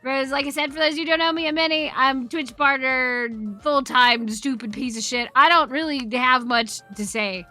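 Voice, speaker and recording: A tired woman VTuber streamer telling a story on stream in a casual, animated, profane way, laughing as she goes. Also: high-pitched, moderate pace, few pauses, faint music behind.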